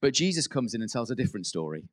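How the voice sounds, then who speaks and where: A man preaching a sermon in an earnest way. He rises to emphatic peaks, then drops soft, and acts out quoted prayers. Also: mid-range voice, sing-song, rapid-fire.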